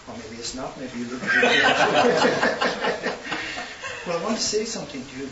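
Delivering a sermon in an Irish accent, this man mixes in stories and rises to passionate emphasis, using a mid-range voice with lively intonation at normal speed. The recording is lo-fi, hissy, roomy, and distant.

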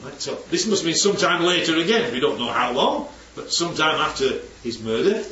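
A man's voice: a little high, expressive, fairly quick, pushed and bright. A man giving an informal Bible teaching to a group, often asking the listeners questions and checking they follow. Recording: distant, dull, roomy recording with faint noise.

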